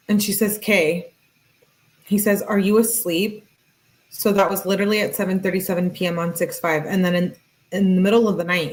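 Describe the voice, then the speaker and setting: A woman's voice: on the low side, poor audio. A woman hosting her channel, reading text messages aloud in a plain voice and breaking off for casual asides. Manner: plain read-aloud delivery broken by offhand asides. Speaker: channel host.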